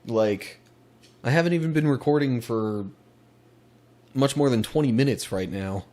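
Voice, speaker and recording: A man casually commenting on his own racing gameplay. He is chatty, laughs easily and gets excitable while driving. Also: medium pitch, moderate pace. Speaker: gaming channel host. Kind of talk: casual let's play commentary.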